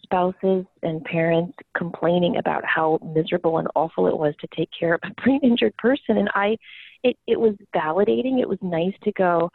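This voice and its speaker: A woman's voice: lowish voice, a little fast, no room sound. Candid woman on a tinny line. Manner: candid storyteller. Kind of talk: casual conversation. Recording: tinny phone-line sound.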